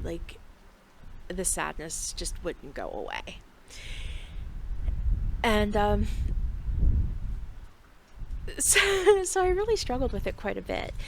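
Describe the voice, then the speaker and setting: A woman's voice: mid-range voice, gravelly, a little hiss or hum. A middle-aged woman hosting a knitting podcast from home, talking in a candid, rambling casual chat. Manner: chatty and candid, rambling with fillers.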